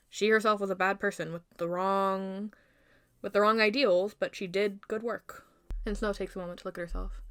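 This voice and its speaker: A woman creator retelling her own version of a fairy tale in a chatty, animated way, with playful asides. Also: medium pitch. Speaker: video creator. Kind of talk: casual storytelling commentary.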